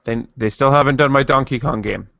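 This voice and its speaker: A man co-hosting a casual podcast who talks haltingly, repeating words and mumbling. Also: medium pitch, gravelly, fairly bright tone, no room sound, highs cut off. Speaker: podcast co-host. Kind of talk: casual chat.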